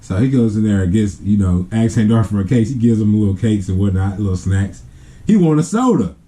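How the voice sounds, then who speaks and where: A man's voice: lowish voice, expressive, brisk, dark tone. A man telling a family story in a casual, rambling way. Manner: rambling, with many fillers and restarts. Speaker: family vlogger.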